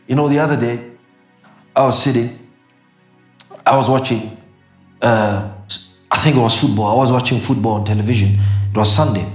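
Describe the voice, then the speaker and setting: A man's voice: mid-range voice, roomy sound. A middle-aged male pastor from South Africa preaching a sermon, emphatic and repetitive, with sudden bursts and laughter.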